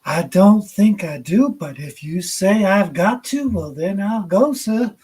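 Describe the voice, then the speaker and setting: Man putting on a deferential young Southern recruit with a South Carolina drawl, unhurried. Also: high voice, animated, husky, voice pushed up, heavily acted. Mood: polite drawl. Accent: put-on South Carolina drawl. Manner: drawn-out, loud, deferential. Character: slow-drawling young male Southern army recruit, polite.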